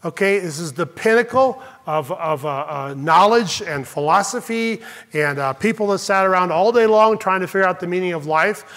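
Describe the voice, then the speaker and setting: Emphatic high-voiced male pastor. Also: a bit bright. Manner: emphatic, slows down to stress lists of phrases. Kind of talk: sermon. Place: church sanctuary with congregation.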